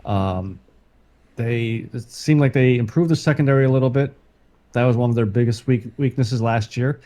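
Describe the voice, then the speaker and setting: A man's voice: mid-range voice, moderate pace, warm tone. A man co-hosting a casual sports podcast, laid-back and a bit hesitant. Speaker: podcast co-host.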